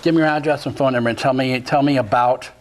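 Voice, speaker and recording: A man's voice: medium pitch, steady tone, quick pace. A man hosting a local cooking show, chatty and enthusiastic, tasting food as he talks. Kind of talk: casual TV cooking chat.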